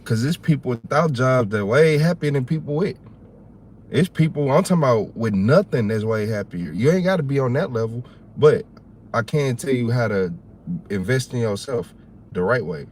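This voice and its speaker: A man's voice: medium pitch, moderate pace, a little hiss or hum. Rambling Southern man chatting on stream. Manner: rambling, animated, slangy. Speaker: livestream host. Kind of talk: casual livestream chat.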